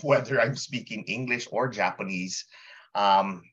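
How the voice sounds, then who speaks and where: A man's voice: fairly low pitch, measured pace, a bit bright, slightly rough, lo-fi sound. Encouraging man hosting a group call. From Hawaii. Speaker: call host.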